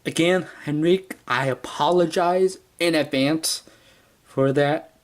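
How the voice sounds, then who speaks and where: A man's voice: on the high side, slow pace. A man casually reviewing a toy, rambling with lots of fillers and restarts. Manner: rambling, full of "yeah" and "kinda".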